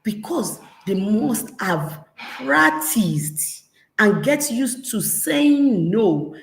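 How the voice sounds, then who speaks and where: Woman, Nigerian accent, parenting coach, animated delivery, roomy echo. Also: medium pitch, extremely slow, gravelly. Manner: animated, acts out scolding parents. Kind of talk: parenting talk. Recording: echoey room.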